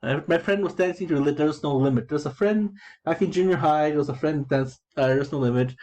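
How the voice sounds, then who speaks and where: Rambling man with a mellow voice. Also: fairly high pitch, animated, a little fast, rough recording. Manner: digressive, full of restarts and repeated words. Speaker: gamer explaining his in-game chat. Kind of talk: rambling casual commentary.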